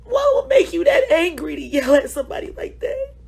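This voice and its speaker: A high-pitched woman talks through tears. Her voice breaks as she pleads with her audience and speaks to them directly and warmly. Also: very animated, a little fast, gravelly. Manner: pleading, repeats "y'all". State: tearful, crying. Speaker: state representative. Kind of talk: emotional phone video testimony.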